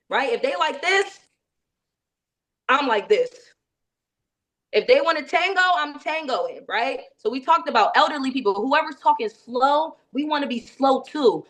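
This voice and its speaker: Brisk, high-voiced woman sales coach. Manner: lively coaching, keeps checking in with "right?". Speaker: sales trainer. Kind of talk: training session.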